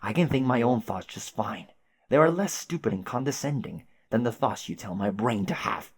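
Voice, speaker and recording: A man voicing a bratty, hot-tempered young male alien who shouts insults and demands answers. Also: medium pitch, expressive, moderate pace, slightly rough. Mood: angry, demanding.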